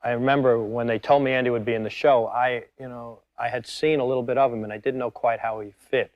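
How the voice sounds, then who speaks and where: A man's voice: medium pitch, steady tone, fast talker, dry recording, highs cut off. A man television director thoughtfully recalling his first impressions of a cast member. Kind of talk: interview reflection.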